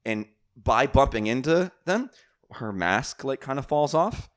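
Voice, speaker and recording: A man's voice: medium pitch, lively intonation, unhurried. A man hosting a casual podcast chat, telling stories in a rambling way with many fillers and restarts. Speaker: podcast host.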